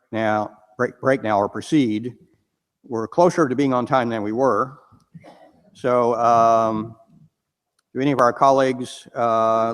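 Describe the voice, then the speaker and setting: A man lays out a legal argument to a live audience, slowing down to stress the words that matter. His voice sits in the middle of the range and trails a long reverb through a large hall. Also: medium pitch. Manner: deliberate, stresses key words. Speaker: attorney speaking at a panel event. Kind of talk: unscripted legal talk to an audience.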